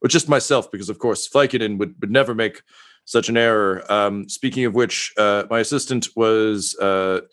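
A man voicing a sheepish, agitated male factory announcer over a loudspeaker, fawning and apologetic. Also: on the low side, moderate pace, natural voice.

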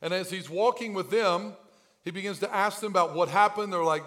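Pastor guy preaching in church, high voice, goes from hushed to yelling. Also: fairly quick. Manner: preaching with big swings from quiet to shouted. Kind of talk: sermon.

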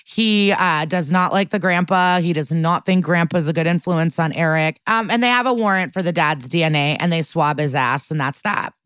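A woman's voice: lowish voice, moderate pace, hardly any pauses, fairly bright tone, smooth, no echo, clean studio sound. A woman podcast co-host recapping a TV episode in a chatty, blunt way, with lots of fillers and casual swearing.

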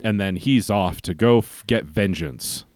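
A man's voice: on the low side, measured pace, darkish tone, no room sound. A man co-hosting a podcast, chatting casually and recapping with a dry, joking edge. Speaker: podcast co-host. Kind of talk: casual chat.

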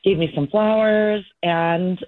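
A woman's voice: fairly low pitch, steady tone, slow. Chatty woman caller on a tinny phone line. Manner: chatty, candid storytelling. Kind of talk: call-in radio chat.

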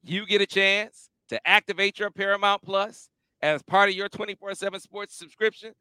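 A man hosting a casual sports show in an energetic, emphatic, playful style on a close mic. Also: sits high, normal speed, clear, resonant tone, dry recording. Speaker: podcast host.

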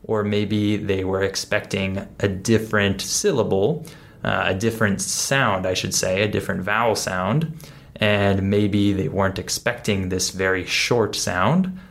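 A man hosting an English listening lesson, explaining pronunciation patiently with frequent pauses and check-ins. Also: fairly low pitch, fairly even intonation, creaky. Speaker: English teacher, podcast host.

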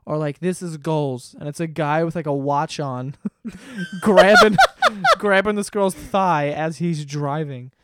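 A man's voice: a little high, huge pitch swings, a little slow, few pauses, heavy background noise. Crude, joking young man on a podcast. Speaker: podcast host. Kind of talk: casual chat. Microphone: studio mic on stand.

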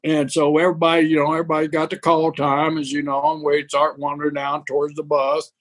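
A man's voice: a little high, monotone, fast, a bit bright, dry recording. A man telling a rambling, profane anecdote from his days as a wrestling tour manager. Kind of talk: anecdotal storytelling.

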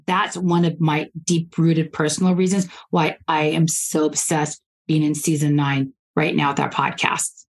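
A woman podcast host telling stories in a blunt, animated way, acting out what people said. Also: low voice, unhurried, hardly any pauses, poor audio. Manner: blunt, animated storytelling, acts out quotes. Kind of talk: casual interview chat.

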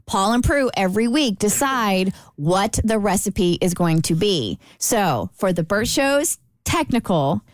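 Quick-explaining woman co-host, dry sound. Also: mid-range voice, very animated, dry recording. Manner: explains things in quick bursts, laughs easily. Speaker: radio show co-host. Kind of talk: casual morning-show banter.

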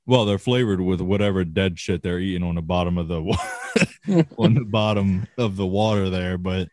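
A man's voice: sits low, normal speed, a little mellow, no room sound. A man chatting casually on a podcast, swearing freely and laughing often. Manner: profane, laid-back, laughs often. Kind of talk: casual chat.

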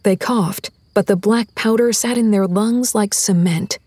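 A woman reading a horror audiobook in a measured, deliberate storytelling voice. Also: mid-range voice, darkish tone, breathy edge, no echo. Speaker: narrator. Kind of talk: scripted horror audiobook narration.

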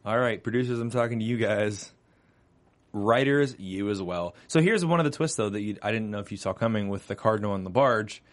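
A man co-hosting a TV recap show, chatting casually with jokes and quick asides. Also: fairly low pitch. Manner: joking, animated, quick asides. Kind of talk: casual chat.

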